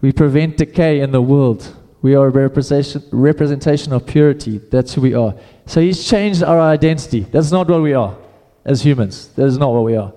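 Male pastor, relaxed and chatty delivery, mellow tone, church hall echo. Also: mid-range voice, brisk, hardly any pauses. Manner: casual, conversational preaching with repeated restarts. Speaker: preacher. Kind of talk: sermon.

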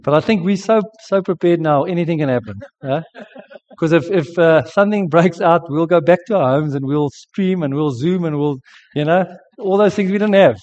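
A South African pastor preaching in a chatty, storytelling way, often restarting his sentences. His voice sits a little high. The recording is dull and lo-fi. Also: moderate pace, darkish tone. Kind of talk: sermon.

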